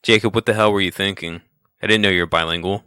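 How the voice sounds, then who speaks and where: A man's voice: deep voice, steady tone, fast talker, pushed and bright, clean tone, dry recording. A man hosting a podcast in casual chat, teasing his co-host in an easygoing way.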